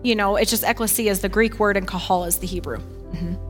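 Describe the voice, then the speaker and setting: A woman giving an animated, emphatic talk on faith, often acting out what other people say. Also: mid-range voice, fairly quick, soft background music. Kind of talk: casual teaching talk on faith.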